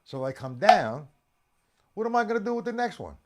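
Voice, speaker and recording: A man's voice: high voice, sing-song, brisk, very noisy. A man teaching a drum lesson on a live stream, quizzing and teasing his students by name.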